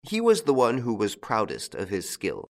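A man narrating a classic story with a steady, measured reading. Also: mid-range voice. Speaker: audiobook narrator. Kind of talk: scripted narration.

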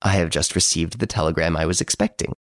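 A man voicing a suave gentleman thief who mocks the detective from his prison cell, urbane and playfully boastful. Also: deep voice, fast, no echo, studio quality, close to an everyday voice. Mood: teasing, smug.

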